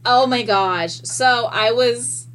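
A woman guest in a casual podcast chat, telling stories in an animated way and swearing freely. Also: on the high side, takes it slowly, low-quality recording. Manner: animated, profane storyteller.

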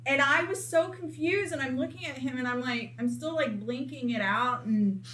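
A woman telling a candid personal story in casual chat, animated and acting out what people said. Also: high voice, moderate pace, hardly any pauses, slight background noise. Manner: candid, animated, acts out quotes.

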